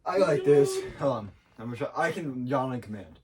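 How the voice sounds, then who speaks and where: A man's voice: mid-range voice, lively intonation, brisk, background noise. A young man co-hosting a casual podcast, giggly, teasing and rambling. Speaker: podcast co-host. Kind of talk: casual chat.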